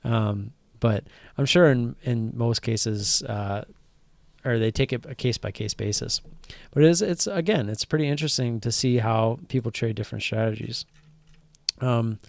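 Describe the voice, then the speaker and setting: A man's voice: mid-range voice, normal speed, gravelly, no echo. A man hosting a casual stock trading live stream, rambling with frequent fillers and restarts.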